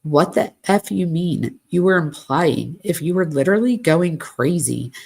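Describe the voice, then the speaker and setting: A woman's voice: lowish voice, lively intonation, a little slow, creaky, darkish tone, breathy edge, full character voice. Woman reading as an angry young texter. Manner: reads text messages aloud with a lightly raised voice. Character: young woman texting angrily in a breakup fight.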